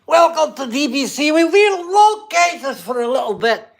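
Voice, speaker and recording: A man's voice: extremely high pitch, big pitch swings, moderate pace, creaky, pitched above the performer's own voice, exaggerated voice. A man voicing a crude, rowdy ogre with a put-on Scottish accent. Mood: boisterous. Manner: boisterous, crude jokes.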